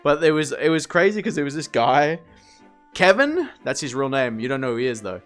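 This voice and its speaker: A man's voice: on the high side, brisk. Man, casual live stream chat, chatty storyteller, swears freely, faint music behind. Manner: rambling, animated storytelling with swearing and laughs.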